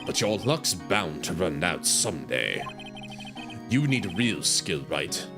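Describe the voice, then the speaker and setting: A haughty young prosecutor, put on by a man in a game playthrough, speaking in a lowered, clipped and scornful tone. His voice sits deep and soft, with a dry contempt in every phrase. Music plays clearly behind him. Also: sing-song, takes it slowly, full character voice. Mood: condescending. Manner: clipped, low, scornful delivery. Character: haughty young male prosecutor, cold and proud. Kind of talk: fan voice-acting a game playthrough.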